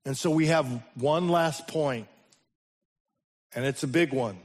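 Male pastor, unhurried sermon delivery, higher voice, sudden loud rises and hushed drops.

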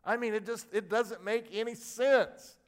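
An older man preaching from the pulpit. He tells his stories with plenty of animation, dropping to quiet asides and then climbing to loud, emphatic punches. When he gets fired up he stumbles over and repeats his words. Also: high voice, fairly even intonation, measured pace. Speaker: pastor. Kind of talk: sermon.

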